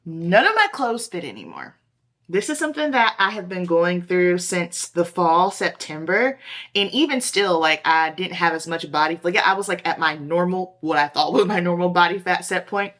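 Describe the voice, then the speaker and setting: A woman in her thirties talking casually to her viewers, telling a story in a sassy, slangy, animated way. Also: on the low side, moderate pace. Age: 30s. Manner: animated, sassy, slangy, rising to exasperated outbursts. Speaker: beauty vlogger.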